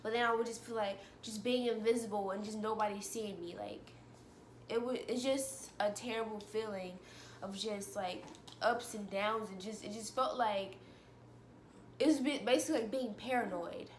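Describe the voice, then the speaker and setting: A woman's voice: medium pitch, normal speed, a little hiss or hum. Hesitant young woman, echoey room. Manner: hesitant, full of fillers and restarts. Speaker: vlogger. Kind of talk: personal confessional talk to camera.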